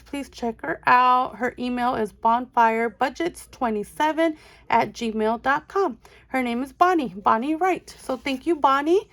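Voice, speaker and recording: A young woman with a high voice talks in an unhurried, drawn-out way. She gushes over each item she unboxes and keeps calling her viewers "friends". It is a casual, excitable vlog chat. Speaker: budgeting channel host.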